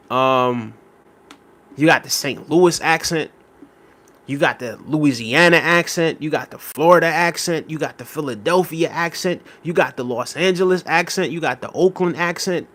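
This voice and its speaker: A man's voice: on the high side, normal speed, fairly bright tone. A young man hosting a live stream, chatting casually and rambling as he reads and answers viewer comments. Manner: rambling and conversational, many fillers, reacting to chat. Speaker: livestream host.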